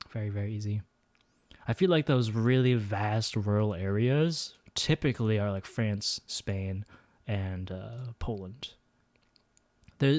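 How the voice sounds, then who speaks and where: A man's voice: fairly low pitch, darkish tone, no echo. A man streaming a geography guessing game, thinking aloud and muttering his guesses with self-deprecating asides. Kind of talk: casual gameplay commentary.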